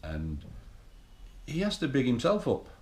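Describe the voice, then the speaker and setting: A man's voice: mid-range voice, huge pitch swings, a little slow, a little mellow. A middle-aged man, talking to camera in a casual, rambling, sweary motivational monologue about bodybuilding. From England. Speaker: bodybuilding vlogger. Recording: echoey room.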